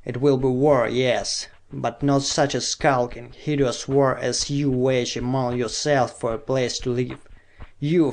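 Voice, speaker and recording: A man's voice: mid-range voice, close to an everyday voice. A man reading an audiobook, voicing a stern male scientist leader who addresses the world in a declamatory way. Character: commanding male scientist leader calling for war.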